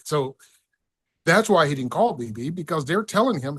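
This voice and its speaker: A middle-aged man talking as a podcast guest, excitable and profane, often stumbling over his words. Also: fairly high pitch, fairly quick, husky. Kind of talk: casual political chat.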